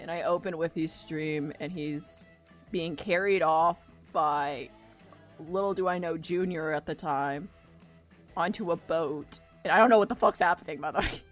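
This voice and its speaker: A woman's voice: deep voice, normal speed, soft background music. A woman streaming her drawing, chatting in a rambling, casual way with plenty of swearing. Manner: rambling, profane, animated storytelling. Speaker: streaming artist. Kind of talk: casual chat while drawing.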